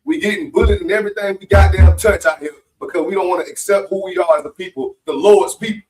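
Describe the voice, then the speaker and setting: A man exhorting a religious group in a forceful, profane manner, repeating lines for emphasis. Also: high-pitched, fast, noisy background. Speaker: member speaking at a religious meeting. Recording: mic far off.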